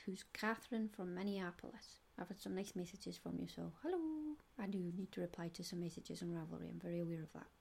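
A woman's voice: medium pitch, gravelly. A middle-aged Scottish woman hosting a knitting podcast, chatty and digressive with giggles. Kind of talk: casual solo podcast chat.

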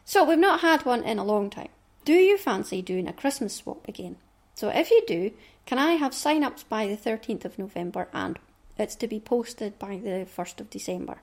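This knitting podcast host, a middle-aged woman with a Scottish accent, has a mid-range, sing-song and slightly mellow voice, moving at a moderate pace with few pauses. She rambles in casual chat, muttering small asides under her breath.

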